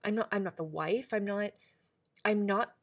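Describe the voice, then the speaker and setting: A woman's voice: medium pitch, normal speed, creaky. Earnest woman podcaster, emphatic. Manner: earnest, emphatic, many restarts and "like"s. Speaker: podcast co-host. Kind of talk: casual reflective chat.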